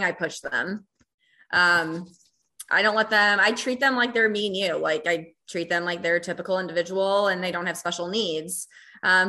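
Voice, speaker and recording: A woman who runs a recreation program chats in an easygoing, hesitant way. Her voice is bright and forward. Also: mid-range voice. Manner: hesitant, filler-heavy, with light laughs. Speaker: special recreation program leader. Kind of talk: casual chat.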